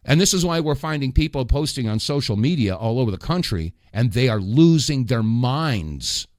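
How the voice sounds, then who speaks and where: A middle-aged male radio host talks in a rambling, impassioned monologue that breaks into loud outbursts. His voice sits at an ordinary pitch for a man. The sound is dry and close, with no room around it. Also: lively intonation, normal speed, hardly any pauses, no room sound. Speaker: radio talk show host. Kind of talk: political talk radio monologue.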